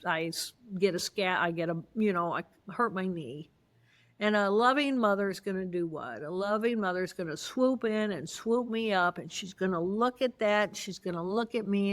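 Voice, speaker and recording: A woman, a guest expert, telling stories in an interview and playfully acting out the voices of people in them. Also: on the high side. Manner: acts out voices, playful, expressive. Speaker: guest neuroanatomist. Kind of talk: animated interview storytelling.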